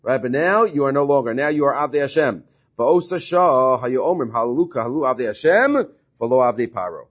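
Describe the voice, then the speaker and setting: This man's mid-range voice is expressive and slightly rough, and he talks a little fast. He is teaching a Talmud class, reading Hebrew and Aramaic passages and paraphrasing them amid frequent fillers and restarts, captured on a dull lo-fi recording.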